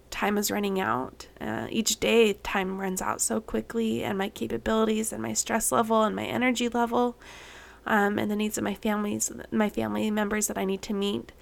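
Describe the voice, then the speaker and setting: Woman, 30s, podcast host, late pregnancy, candid rambling monologue, gravelly fry. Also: a little high, level tone, normal speed. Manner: candid, rambling, many ums, getting emotional.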